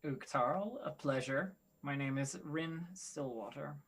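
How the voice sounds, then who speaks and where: A woman's voice: deep voice, slow, slightly rough. A woman playing a character in a tabletop game, speaking in a polite, composed manner. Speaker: player. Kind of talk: tabletop role-play.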